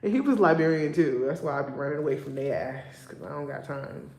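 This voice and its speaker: A young woman and single mom chatting casually with her viewers, emphatic and getting loud and exasperated when she vents. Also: low-pitched, animated, fairly quick, roomy sound. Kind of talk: casual livestream chat.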